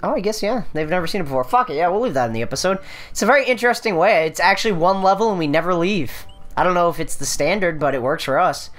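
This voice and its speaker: A woman's voice: lowish voice, expressive, fast talker. A woman co-hosting a casual gaming video, rambling through anecdotes, swearing freely and laughing often. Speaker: let's play co-host.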